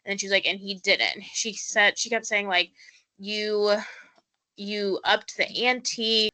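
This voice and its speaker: Woman podcast cohost, bright sharp voice, rambly recap full of "like". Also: mid-range voice, steady tone, takes it slowly. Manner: chatty, lots of "like" fillers, acts out quotes. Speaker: podcast co-host. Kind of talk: casual recap chat.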